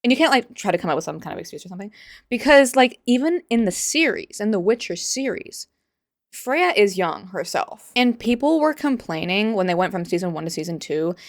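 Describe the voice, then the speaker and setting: A woman's voice: medium pitch, big pitch swings, fairly quick, dry recording, clean studio sound. A young adult woman giving sarcastic, incredulous commentary in a vlog. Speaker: commentary vlogger. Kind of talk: opinionated commentary.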